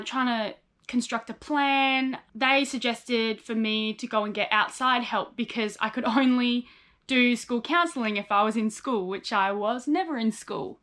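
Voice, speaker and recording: A woman's voice: a little high, a bit bright. A young woman, a psychologist in training, frankly telling her own life story in a personal vlog. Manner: candid, frank, acts out remembered dialogue.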